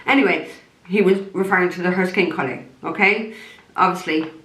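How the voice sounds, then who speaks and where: Irish woman, low-ish voice, blunt swearing rant, echoey room. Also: a little fast, fairly bright tone. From Ireland. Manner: heated, swears heavily, blunt. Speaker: psychic medium. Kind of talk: angry direct-to-camera rant. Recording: roomy echo.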